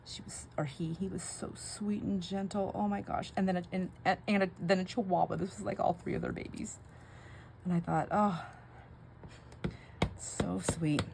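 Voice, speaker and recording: A woman's voice: on the low side, normal speed, vocal fry. A middle-aged woman chatting and rambling casually while making labels at home, laughing often and musing aloud. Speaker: crafting vlogger. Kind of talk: casual chatty crafting vlog. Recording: home recording with steady background noise.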